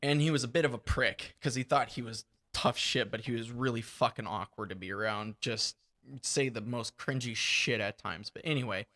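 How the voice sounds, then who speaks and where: A man's voice: mid-range voice, normal speed, hardly any pauses, bright, forceful tone. A man co-hosting a podcast, chatting casually with crude, joking banter. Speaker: podcast co-host.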